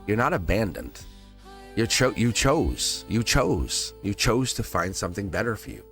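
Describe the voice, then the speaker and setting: A man giving a live-stream tarot reading, teasing and animated, laughing often and acting out quotes. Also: lowish voice, measured pace, faint music behind. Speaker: tarot reader.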